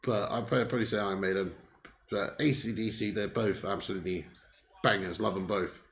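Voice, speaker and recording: During a live football watch-along, the male host banters with his audience and laughs frequently between calls of the action. His voice is fairly low, fairly even in intonation, and a little fast, with slight hiss or hum.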